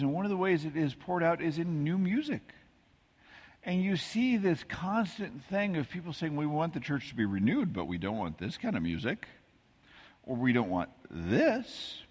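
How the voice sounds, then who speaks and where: Husky-voiced man preaching in a reverberant church. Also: fairly high pitch. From American Midwest. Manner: conversational, self-deprecating storytelling with asides. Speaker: pastor. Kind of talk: sermon. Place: church sanctuary.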